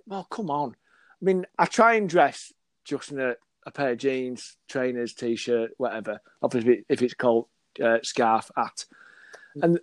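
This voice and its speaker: Animated man telling scouting stories. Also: a little high, no room sound. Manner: animated storyteller, acts out dialogue, laughs often. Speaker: football scout, podcast guest. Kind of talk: casual podcast chat.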